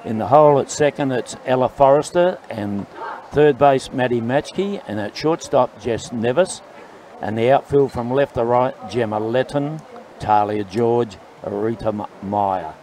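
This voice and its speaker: Mellow, hesitant man. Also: medium pitch, a little slow, a little hiss or hum, low-quality recording. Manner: hesitant, many fillers, relaxed. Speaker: colour commentator. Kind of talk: live sports commentary.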